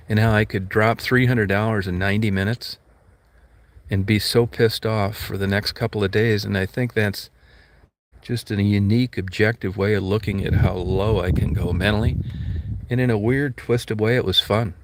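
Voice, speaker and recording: A man's voice: fairly low pitch, normal speed. A man talking casually and bluntly, rambling through stories and acting out quotes, with some swearing. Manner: blunt, profane storytelling with acted quotes.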